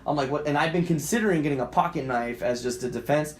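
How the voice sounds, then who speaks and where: Young male co-host, lively and profane, acts out every scene; a bit high-voiced, recorded in an echoey room. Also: fast, a little hiss or hum. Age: young adult. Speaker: podcast co-host. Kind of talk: animated story-telling chat. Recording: roomy echo.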